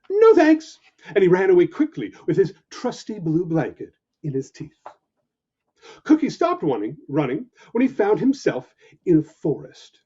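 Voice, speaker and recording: Brief: husky, mellow male storyteller, slow and very animated, lo-fi recording. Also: fairly high pitch. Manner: animated, expressive narration. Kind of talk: children's story reading. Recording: dull lo-fi recording.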